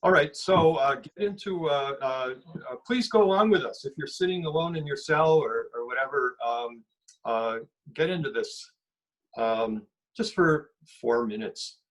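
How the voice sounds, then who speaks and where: A man leading a mindfulness group, gently talking through meditating with anxiety, often restarting his sentences. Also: medium pitch, poor audio. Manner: gentle, halting, with many restarts and fillers. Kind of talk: guided meditation teaching.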